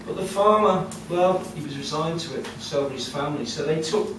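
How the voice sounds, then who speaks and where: Lively male storyteller in an echoey room. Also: a little high, fairly quick, distant mic. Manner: lively, conversational, with asides to the audience. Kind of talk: live folk-tale telling. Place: storytelling cafe. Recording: echoey room heard from afar with noise.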